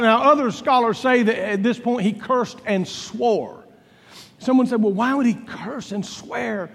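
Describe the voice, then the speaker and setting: A male preacher with a very high voice, delivering a sermon. He tells the story dramatically, voicing the characters and swinging between booming and hushed lines. His voice carries a long reverb, as from a big hall. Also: a little slow, creaky, husky. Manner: dramatic storytelling, acting out biblical dialogue with swings in volume. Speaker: pastor.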